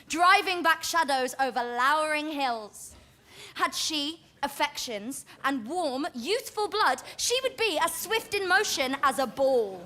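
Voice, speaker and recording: A woman's voice: sits high, sharp tone, full character voice. An impatient young girl in love. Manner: urgent, pleading verse delivery. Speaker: stage actor. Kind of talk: theatrical stage acting. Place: open-air theatre stage.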